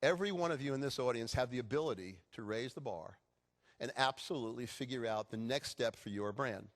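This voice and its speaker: A man's voice: medium pitch, a little fast. A middle-aged man giving a motivational speech to a live audience, telling stories with jokes. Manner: animated storytelling with jokes. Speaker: keynote speaker.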